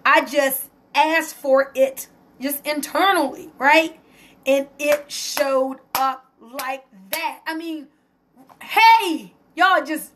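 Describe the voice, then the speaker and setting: Excited high-voiced woman. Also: very slow, slight background noise. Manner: excited, emotional, talks to viewers and reads their comments aloud. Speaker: network marketer hosting a live stream. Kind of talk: casual Facebook Live testimony.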